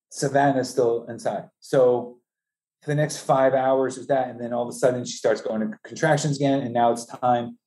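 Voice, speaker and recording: A grieving father speaks in a mellow, dark-toned voice, halting and restarting as he recounts a painful loss. His delivery is emotional and unpolished, the talk of a personal interview rather than a script. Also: medium pitch. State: voice breaking, high and strained with grief. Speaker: bereaved father telling his story.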